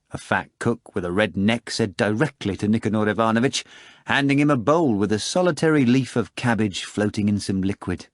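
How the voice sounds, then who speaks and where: Brief: male audiobook narrator, lowish pitch, dry studio read, measured. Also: no echo. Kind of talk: scripted narration.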